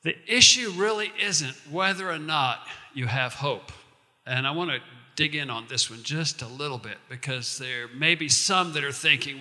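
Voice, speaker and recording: Bright, sharp-voiced male pastor preaching. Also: a little high, long reverb tail. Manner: conversational, slows down to recite verses and lines. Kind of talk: sermon.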